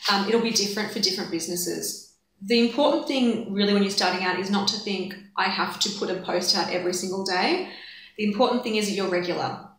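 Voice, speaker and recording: A woman talks through marketing advice as an interview guest, relaxed and chatty. Her voice rings in a very echoey room. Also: medium pitch, quick pace. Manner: relaxed, chatty, laughs easily. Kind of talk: casual interview chat.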